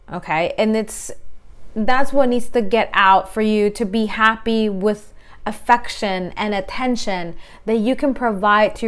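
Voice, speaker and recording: A woman's voice: mid-range voice, smooth. A woman relationship coach giving blunt, emphatic advice straight to her viewers and acting out the voices she quotes. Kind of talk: direct-to-camera advice talk.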